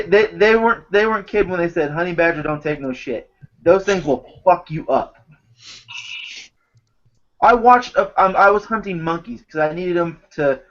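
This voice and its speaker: A man telling stories in casual chat, animated and swearing often. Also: sits high. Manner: animated storyteller, swears a lot. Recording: dull lo-fi recording.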